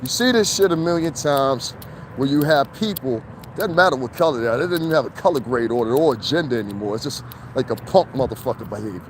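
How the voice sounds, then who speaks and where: At a quick pace, a New Jersey man rants into his handheld phone camera outside by a fence near traffic, whose noise is on the recording. He's casual and profane, growing animated and reaching a heated pitch when worked up.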